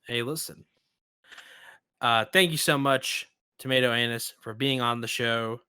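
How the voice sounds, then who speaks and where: A man's voice: medium pitch, a little slow, smooth, no echo. A man hosting a podcast, chatting casually and animatedly acting out the jokes he retells. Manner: animated storyteller, acts out quotes. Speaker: podcast host.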